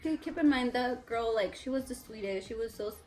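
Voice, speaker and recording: A woman's voice: fairly high pitch, brisk, darkish tone, poor audio. A young woman from Mexico with a Mexican accent, telling a story casually on a vlog, blunt and indignant and swearing freely. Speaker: vlogger. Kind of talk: casual storytelling during a mukbang.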